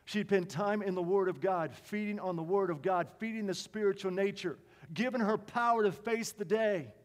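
A man preaching a sermon with passion, swinging from emphatic lines to quiet ones. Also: high voice, moderate pace. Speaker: pastor. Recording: long reverb of a large hall.

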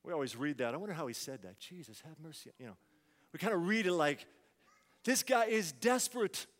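A man preaches from the pulpit, his voice sitting high for a man. He drops to near-murmurs and then swells into loud, pleading cries. The sound rings out with a long reverb, as in a large church hall. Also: animated, fairly quick. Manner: preaching with swings from hushed to shouted. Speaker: pastor. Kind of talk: sermon.

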